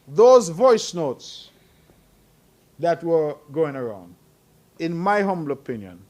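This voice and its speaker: A man's voice: fairly high pitch, very animated, slow, darkish tone. A middle-aged man giving earnest, admonishing remarks at a press conference, growing emphatic. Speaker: head of government at a press conference.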